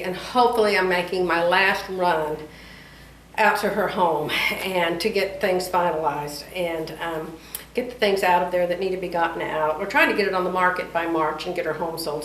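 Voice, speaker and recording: A woman's voice: fairly low pitch, a little hiss or hum. A middle-aged woman, chatting casually in her home vlog and laughing often. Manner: chatty, laughing often, animated when quoting others. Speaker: vlogger. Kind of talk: casual chat. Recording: roomy, from a distance.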